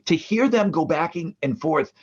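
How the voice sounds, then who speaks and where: A man from the northeastern United States co-hosting a podcast from his mother's basement, telling family stories in a casual, animated way with plenty of swearing. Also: on the high side, moderate pace, husky, muffled recording. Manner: animated storyteller, swears, acts out family members' voices. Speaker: podcast co-host.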